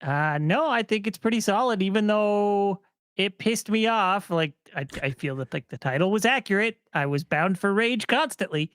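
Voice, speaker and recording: A man's voice: sits high, animated, moderate pace, fairly bright tone, clean tone. A man co-hosting a casual gaming podcast, easygoing and laughing a lot.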